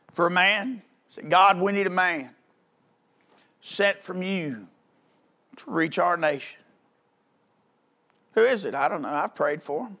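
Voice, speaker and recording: A pastor in a church delivers a folksy, conversational sermon, peppering it with quick rhetorical questions. His voice sits high for a man and rings bright and forceful, swelling into loud, urgent calls. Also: gravelly. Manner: rises to loud calls in the climaxes.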